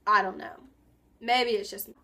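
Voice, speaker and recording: A teenage girl chatting casually in a vlog, rambling and excitable, with lots of fillers and asides. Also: medium pitch, normal speed, gravelly, a little hiss or hum. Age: teens. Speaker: vlogger.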